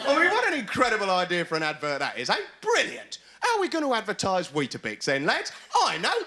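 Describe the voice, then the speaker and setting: A man's voice: sits high, wildly swooping pitch, fast, sharp tone. A man doing a stand-up routine, ranting sarcastically and mocking people in put-on voices, with laughter from a studio audience. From England. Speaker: stand-up comedian. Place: TV studio stage with live audience.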